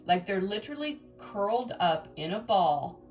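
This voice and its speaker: A woman's voice: mid-range voice, expressive, moderate pace, darkish tone, soft background music. A woman tarot reader telling her viewers a personal story in an emotional, rambling, dramatic way.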